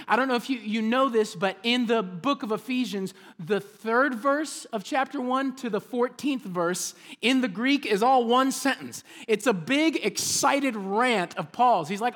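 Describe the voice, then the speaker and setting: A man preaching a sermon as a pastor, swinging between hushed, intimate asides and loud, excited preaching. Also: very high-pitched, moderate pace.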